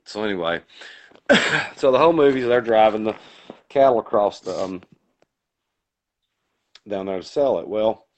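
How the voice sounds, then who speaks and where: A man's voice: on the low side, animated, measured pace, long pauses. A man co-hosting a casual podcast, telling long rambling stories with colloquial grammar. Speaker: podcast co-host. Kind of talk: casual chat.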